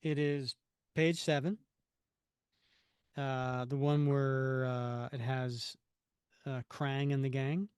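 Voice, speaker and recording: A man co-hosting a podcast in relaxed, casual chat, often chuckling and trailing off with fillers. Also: medium pitch, takes it slowly, pauses often, clean tone, dry recording, clean studio sound. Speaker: podcast co-host.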